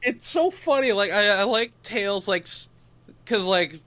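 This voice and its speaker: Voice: medium pitch, expressive, unhurried, sharp tone. A podcast co-host talking eagerly in casual chat, stammering a little. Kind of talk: casual discussion.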